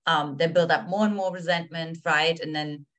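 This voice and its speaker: A woman's voice: sits low, fairly even intonation, normal speed, fairly bright tone. A woman co-hosting a podcast, eagerly agreeing and explaining what she sees in her clients. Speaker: podcast co-host. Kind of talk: casual podcast conversation.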